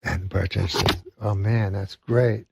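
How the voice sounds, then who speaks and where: A comedian from Canada telling a long rambling joke in a halting deadpan way, full of "uh" and "you know". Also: male voice, on the low side, vocal fry, heavy background noise. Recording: dull lo-fi sound.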